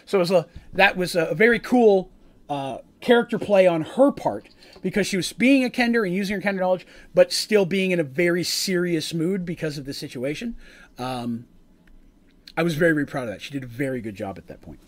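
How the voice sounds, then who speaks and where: Male game master, casual rambling recap, self-corrects a lot, slightly high-pitched. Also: lively intonation, a little fast.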